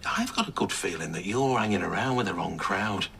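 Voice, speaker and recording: A man's voice: low-pitched, animated, brisk, gravelly, pushed and bright, a little hiss or hum, heavily acted. An actor playing a breezy middle-aged man, the mum's new partner, in a TV soap. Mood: defensive. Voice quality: jokey, theatrical, wheedling. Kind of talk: TV soap drama acting.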